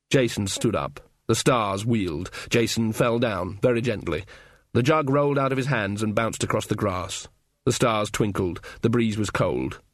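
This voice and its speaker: A man's voice: mid-range voice, no echo. A man narrating an audiobook with a dry, wry storytelling manner. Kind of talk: scripted narration.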